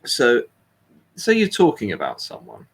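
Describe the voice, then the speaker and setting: A man's voice: medium pitch, huge pitch swings, measured pace, vocal fry, breathy edge. A British man in casual chat, explaining at length with frequent restarts. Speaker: co-host.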